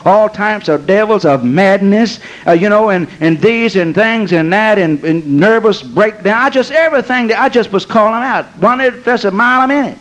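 An older man preaching a sermon, telling stories in a folksy, emphatic way and drawing out key phrases slowly. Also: high-pitched, a bit bright, rough recording. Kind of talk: sermon with storytelling.

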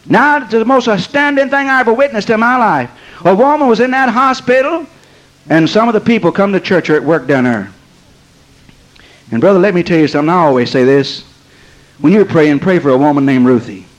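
An older man preaching a sermon, telling stories in a folksy, emphatic way and drawing out key phrases slowly. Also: sits high, expressive, highs cut off. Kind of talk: sermon with storytelling.

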